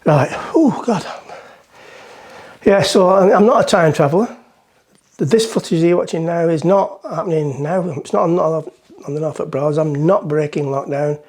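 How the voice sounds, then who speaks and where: A man's voice: on the high side, moderate pace, a little mellow. A middle-aged man, rambling through a joke as he talks to the camera from the front of a boat. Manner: rambling, self-mocking, chatty. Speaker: vlogger. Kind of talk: casual chat to camera, joke-telling.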